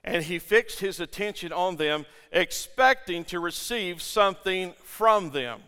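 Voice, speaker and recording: High, bright-voiced older preacher in a reverberant hall. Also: male voice, lively intonation, unhurried, clean tone. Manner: impassioned, stammering restarts and rhetorical questions to the congregation. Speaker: pastor. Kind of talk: sermon. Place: church sanctuary. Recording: long church-hall reverb.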